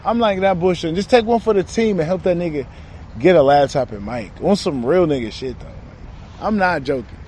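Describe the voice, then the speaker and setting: A young man talks in a loose, rambling monologue about channeling spirits, heavy on slang, restarting and trailing off. His voice sits a bit high but sounds warm and mellow. Faint outdoor traffic noise hums behind him. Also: expressive, brisk. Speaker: self-described channeler.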